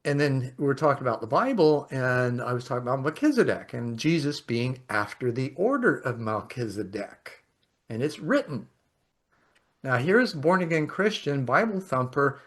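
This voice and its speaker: A man hosting a podcast, telling stories in a casual, animated way and laughing often. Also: mid-range voice, normal speed. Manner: animated storyteller, acts out quotes, laughs often. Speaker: podcast host. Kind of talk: casual conversation, storytelling.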